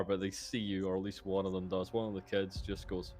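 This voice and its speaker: A man's voice: low voice, level tone, brisk, few pauses, darkish tone. A man narrating a tabletop game as game master, loose and full of fillers, popping into brief character voices. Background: faint background music.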